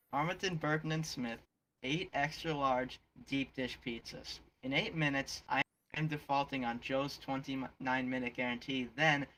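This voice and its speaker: A man's voice: medium pitch, a bit bright, a little hiss or hum, natural voice, low-quality recording. A man doing an exasperated pizza boss. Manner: scolding, exasperated. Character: stern middle-aged male pizza shop boss.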